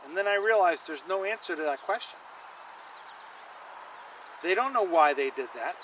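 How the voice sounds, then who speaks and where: With a high, fairly bright voice, lively intonation and a moderate pace, this pastor preaches emphatically. The recording is low quality, with a little hiss or hum. He repeats lines for stress and calls on the congregation to say them along with him.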